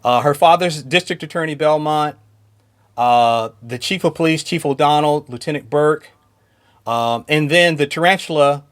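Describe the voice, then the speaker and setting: A man's voice: fairly high pitch, normal speed, fairly bright tone. A man co-hosting a podcast in casual chat, talking enthusiastically and often laughing between points. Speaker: podcast co-host.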